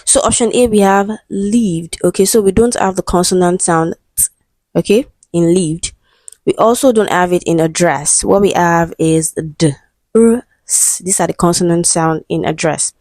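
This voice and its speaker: Nigerian woman tutor, slightly low voice, dry close mic, patient walkthrough of exam questions. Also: moderate pace, darkish tone, no echo. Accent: Nigerian English. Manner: patient, repeats "okay" and "right" often. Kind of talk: explaining English exam questions.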